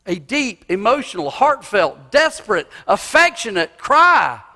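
Lively male pastor preaching, high bright voice, long church hall echo. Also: unhurried. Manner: animated, swinging from loud cries to hushed asides. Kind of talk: sermon. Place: church sanctuary.

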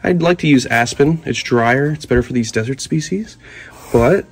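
A man's voice: medium pitch, moderate pace, husky, soft background music. Chatty man showing off his reptiles. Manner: chatty, enthusiastic, coos at the animals. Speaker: reptile keeper and show host. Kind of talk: casual animal-care vlog. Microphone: phone propped up on a can.

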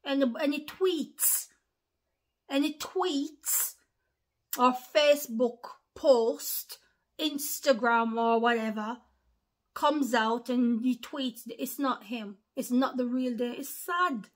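A woman preaching an informal sermon to online followers. She talks earnestly, repeats herself, calls listeners brothers and sisters, and swings between hushed whispers and emphatic raised lines. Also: high voice, takes it slowly.

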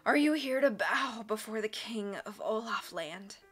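A woman voicing a dying villainous man with a wheezy, rough, hoarse voice, bitter and theatrical, over faint music. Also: fairly high pitch, expressive, unhurried, a bit bright. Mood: snarling, bitter.

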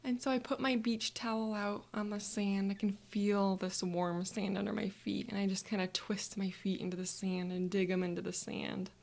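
A woman narrating a calm guided visualization in the first person, speaking softly and sometimes slipping into breathy whispers. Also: mid-range voice, normal speed, hardly any pauses.

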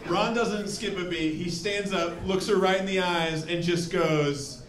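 A man doing stand-up comedy on a club stage, telling a story with animated, incredulous delivery. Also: sits high, measured pace. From Denver area. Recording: roomy, distant, loud crowd. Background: audience laughter.

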